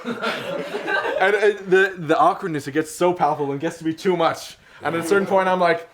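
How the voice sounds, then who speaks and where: A man's voice: fairly high pitch, animated, brisk, crowd noise. A man telling a comic dream story at a live poetry night, rambling with lots of fillers and laughing as he goes. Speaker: open mic storyteller.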